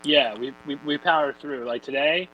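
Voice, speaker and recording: A man with a Philadelphia accent co-hosting a casual podcast, laid-back and quick with interjections. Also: a little high, dull audio, slight background noise. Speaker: podcast co-host.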